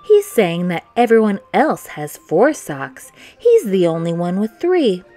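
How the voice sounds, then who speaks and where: A woman reading a storybook aloud and voicing an excited, clever little boy who announces things eagerly. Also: deep voice, takes it slowly, faint music behind, full character voice.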